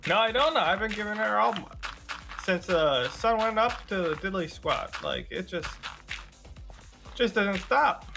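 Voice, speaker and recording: A man puts on a rambling, folksy small-town buddy, his voice nudged a little higher than his normal talk. He runs on in homespun turns of phrase. Game music plays behind him. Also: expressive, a little slow, gravelly, full character voice.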